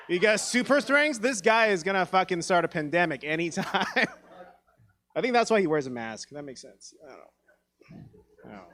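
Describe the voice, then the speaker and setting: A man's voice: on the high side, fairly bright tone. A man in his thirties from Taiwan, performing a stand-up comedy set on a theatre stage, profane and self-deprecating, acting out quoted dialogue. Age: 30s.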